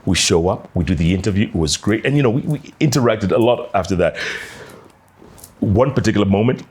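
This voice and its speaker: A man, a journalist, telling an animated anecdote with many casual fillers. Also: lowish voice, fairly quick, husky. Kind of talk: anecdotal storytelling.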